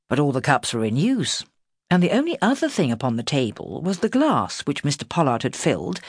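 A woman narrating a historical novel in a measured, expressive storytelling manner, close to the mic. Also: deep voice, husky, no echo. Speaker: audiobook narrator. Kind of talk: scripted narration.

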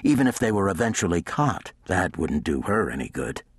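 A man narrating a thriller audiobook in a measured, gritty manner on a close studio mic. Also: low-pitched, sing-song, breathy edge, no echo. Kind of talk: scripted narration.

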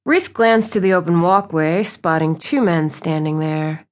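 A woman reading a romance novel aloud as an audiobook narrator, with smooth, even storytelling. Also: on the low side, measured pace. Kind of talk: scripted narration.

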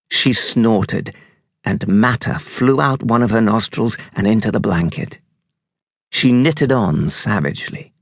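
A man narrating an audiobook in an unhurried, expressive storytelling manner. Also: on the low side, no room sound, clean studio sound.

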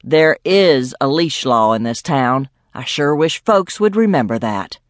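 A woman narrator voicing a middle-aged male police chief with a rough, raspy voice, patient and gruff. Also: a bass voice, animated, measured pace, dry recording, clean studio sound. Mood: weary.

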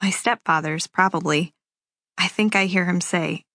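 A woman reading a first-person novel aloud as an audiobook, in a measured, unhurried telling. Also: lowish voice, bright, forceful tone, no room sound, clean studio sound. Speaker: audiobook narrator.

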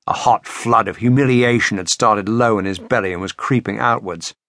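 Low-voiced male audiobook narrator. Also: normal speed, fairly bright tone, dry recording, clean studio sound. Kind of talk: scripted narration.

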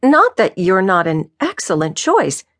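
A woman's voice: medium pitch, wildly swooping pitch, measured pace, dry recording, clean studio sound. A woman reading an audiobook voices a wry, unflappable middle-aged woman sleuth who talks in a teasing way.

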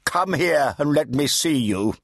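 A man's voice: a little high, lively intonation, measured pace, creaky, slightly rough, no room sound, clean studio sound, voice pushed up, heavily acted. Casting: a man voicing a harsh, bullying fat monk-cook, raised and barking. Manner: barking, shouting interrogation. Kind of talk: audiobook character voice.

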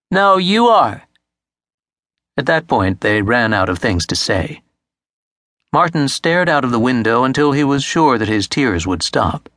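Measured male audiobook narrator, dry sound. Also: mid-range voice, fairly bright tone, no echo.

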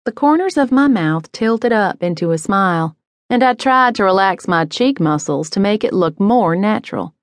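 A woman narrating a first-person audiobook story in a measured, inward way. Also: mid-range voice, lively intonation, dry recording, clean studio sound.

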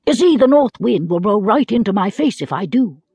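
A woman's voice: mid-range voice, lively intonation, normal speed, a little mellow, slightly rough, no echo, voice pushed up. A woman reading a children's storybook aloud and voicing a small, literal-minded little boy who argues earnestly and innocently.

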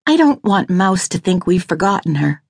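A woman's voice: lowish voice, big pitch swings, normal speed, gravelly, dry recording, clean studio sound, pitched above the performer's own voice, heavily acted. A woman voicing an earnest young wife who pleads through tears, her voice raised and urgent. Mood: pleading.

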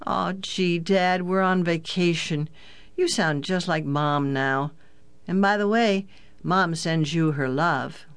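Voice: mid-range voice, slow pace, fairly bright tone, clean tone. A whiny, complaining kid, as an audiobook narrator puts him on, always angling for junk food in a children's adventure story. The voice stays near the narrator's own range, with a put-upon whine. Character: middle son, whining junk-food lover. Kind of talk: audiobook character voice.

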